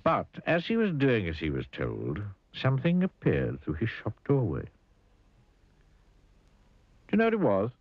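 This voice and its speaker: A man narrating a children's cartoon story, playful and expressive, asking the listener questions. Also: medium pitch, measured pace, pauses often, breathy edge, no echo, dull audio.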